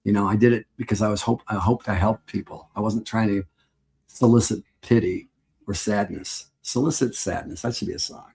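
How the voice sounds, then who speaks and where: A middle-aged man hosts a casual live stream in a low, gravelly, husky voice with a darkish tone. Speaking at a normal pace, he rambles along warmly and sincerely, often breaking into laughter.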